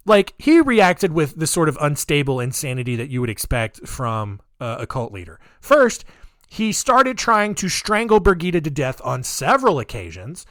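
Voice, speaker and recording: A man's voice: on the high side, fairly bright tone, no echo, studio quality. A man hosting a podcast, casually telling a story with sarcasm, laughter and mocking put-on voices. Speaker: podcast host.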